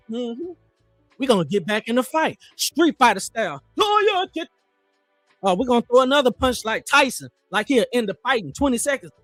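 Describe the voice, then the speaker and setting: A man hosting a live trading stream, chatting casually in an animated, joking, motivational way. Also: very high voice, no echo. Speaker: trading livestream host.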